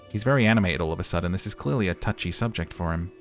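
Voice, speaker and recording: A man with a very low voice narrates a role-playing game in a calm storytelling manner. Faint music plays beneath his narration. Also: racing. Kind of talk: narrating and voicing a game playthrough.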